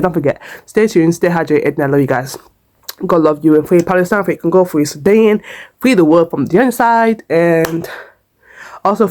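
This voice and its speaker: A woman's voice: fairly low pitch, darkish tone. Chatty young woman telling a story. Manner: chatty, repeats herself, swears, sings a short hymn. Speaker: vlogger. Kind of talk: casual storytime chat.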